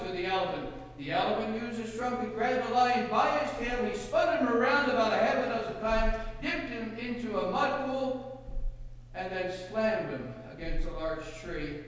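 A man preaching a sermon as a pastor, telling a parable with dramatic, loud punches on quoted lines. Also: high-pitched, normal speed. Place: church. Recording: echoey hall, mic at a distance.

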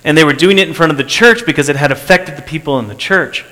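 A man's voice: a little high, fast, pushed and bright. A man preaching and telling of a church meeting, earnest, repeating phrases for emphasis. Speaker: pastor. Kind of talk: sermon testimony. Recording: long hall reverb.

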